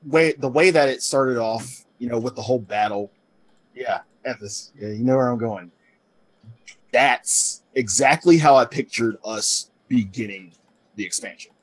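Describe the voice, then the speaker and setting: A husky man in a middle register co-hosting a casual gaming podcast. He rambles a bit, restarting and repeating words as he thinks. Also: mid-range voice. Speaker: podcast co-host.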